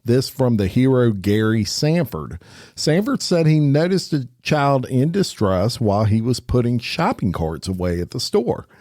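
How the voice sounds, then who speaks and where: A man's voice: mid-range voice, sing-song, a little slow, a little mellow, dry recording, studio quality. A man hosting a podcast, reading crime news headlines and adding blunt opinions. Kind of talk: casual news reading with comments.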